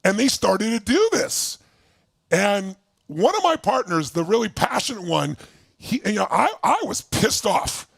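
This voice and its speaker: Man, motivational storyteller, gravelly raspy voice, big swinging pitch, dry sound. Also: measured pace, no echo. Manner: animated, emphatic, swears freely. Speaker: motivational speaker.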